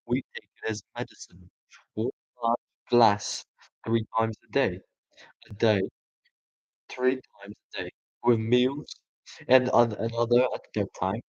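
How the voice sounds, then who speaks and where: A man's voice: mid-range voice, fairly even intonation, a little slow, pauses often, darkish tone, no echo, dull audio, natural voice. A man doing a jolly cider-loving badger. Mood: earnest. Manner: gasping, rhapsodic.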